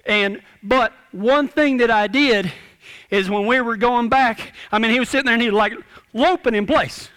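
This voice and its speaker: High, bright-voiced folksy cowboy preacher man. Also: normal speed, clean tone. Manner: folksy, self-deprecating cowboy humor. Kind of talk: humorous storytelling sermon.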